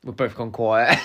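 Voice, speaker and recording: Lively, cheeky man chatting. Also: medium pitch. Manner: animated, cheeky and playful, drops into whispers and laughs. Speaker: podcast co-host answering questions. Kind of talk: casual podcast chat.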